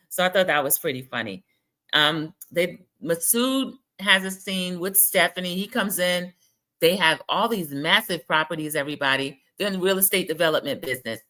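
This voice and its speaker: A woman's voice: fairly low pitch, normal speed, bright, forceful tone. A woman hosting a casual, gossipy recap of a reality TV episode, talking straight to her viewers. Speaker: TV recap host.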